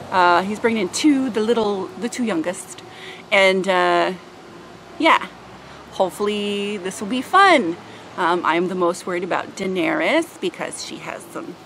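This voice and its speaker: Young woman rambling through a casual vlog, pitch bouncing all over, faint room hum behind her. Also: fairly bright tone, low-quality recording. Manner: chatty, rambling, with frequent fillers. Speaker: vlogger.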